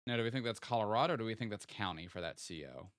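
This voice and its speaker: Lively, playful male game streamer. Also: on the low side, very fast, no room sound, clean studio sound. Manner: thinks aloud, playful teasing of chat. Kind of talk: casual live-stream game commentary.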